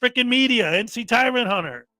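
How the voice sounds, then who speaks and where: High, bright-voiced man ranting in commentary. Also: lively intonation, brisk, no room sound. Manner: exasperated, mocking, often mimics people angrily. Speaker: commentary host.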